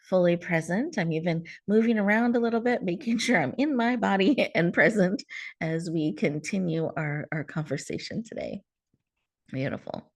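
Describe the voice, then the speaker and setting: A woman hosting a virtual summit, leading a gentle guided breathing exercise in a soothing, coaching manner that sometimes sinks to a whisper, speaking over a video call. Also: fairly low pitch, normal speed. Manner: soothing, warm coaching with soft laughs, drops to whispers. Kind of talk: gentle guided mindfulness talk.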